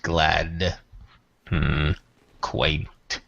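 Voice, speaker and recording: A man voicing a cold, aloof ancient immortal male being who speaks slowly with disdainful pauses. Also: on the low side, fairly bright tone, no echo, highs cut off, pitched below the performer's own voice. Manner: slow, measured, disdainful with drawn-out pauses.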